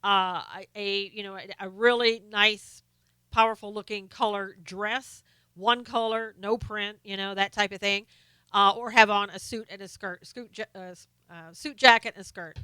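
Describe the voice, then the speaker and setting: On a casual live stream, a woman who is losing her voice chats through viewer comments, reading them aloud haltingly with many fillers and restarts. She speaks at a medium pitch in a steady, bright, forceful and smooth tone, with no room sound.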